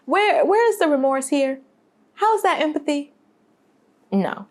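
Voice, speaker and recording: A woman's voice: sits high, big pitch swings, unhurried. A woman delivering a video essay in an emphatic, sarcastic way, full of rhetorical questions. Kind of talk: animated video essay commentary.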